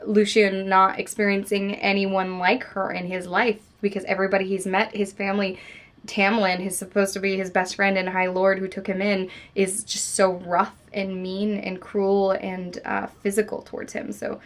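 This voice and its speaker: Excitable gushing woman talking books. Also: medium pitch, moderate pace. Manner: gushing and excitable, swears freely. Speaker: book vlogger. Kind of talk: casual spoiler book discussion.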